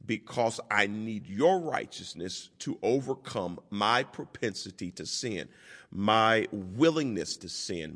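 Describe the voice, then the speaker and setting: A man preaching a sermon as pastor, building his points through repeated phrases in a steady preaching cadence. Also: fairly low pitch, long reverb tail.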